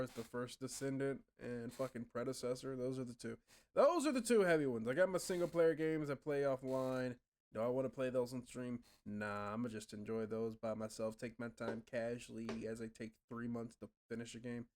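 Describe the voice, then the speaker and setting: Rambling, foul-mouthed young man streamer. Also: medium pitch. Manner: rambling and profane, often trailing off. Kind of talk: casual chat answering viewers.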